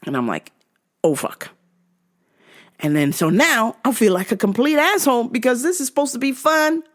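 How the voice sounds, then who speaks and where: A woman vlogger telling a story casually, swearing freely and with animated delivery. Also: fairly high pitch, brisk. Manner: profane, animated.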